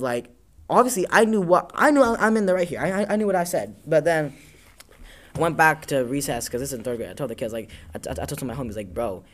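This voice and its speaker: A man from Tacoma hosting a casual talk show, telling rambling, profane stories and acting out what people said. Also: mid-range voice. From Tacoma, Washington, US. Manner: rambling storyteller, profane, acts out quotes. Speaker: podcast host. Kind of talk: casual chat.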